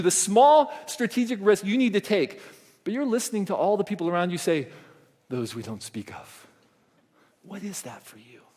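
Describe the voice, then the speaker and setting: A middle-aged man giving a motivational conference keynote, telling a family story and acting out the voices in it. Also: sits high. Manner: animated storytelling, acts out quoted voices. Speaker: conference speaker. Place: conference hall stage. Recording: long reverb of a large hall.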